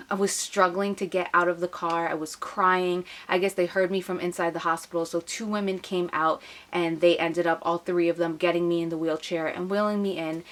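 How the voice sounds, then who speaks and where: Emotional young woman telling a story. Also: fairly low pitch. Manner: emotional, retelling with acted quotes. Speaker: vlogger. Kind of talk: personal storytelling to camera.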